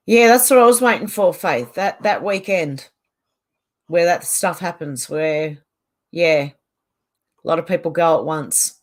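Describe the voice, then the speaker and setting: A woman hosts a casual live chat, reading out viewer comments and quickly agreeing or answering back. Her voice sits a little low for a woman, and she talks in a loose, easygoing way at home. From Australia.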